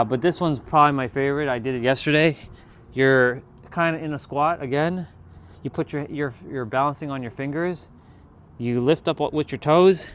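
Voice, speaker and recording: A man talks casually to his livestream from outside in a yard, at an ordinary middle pitch. His talk is chatty and rambling, drifting from thought to thought with an encouraging tone. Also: slight background noise.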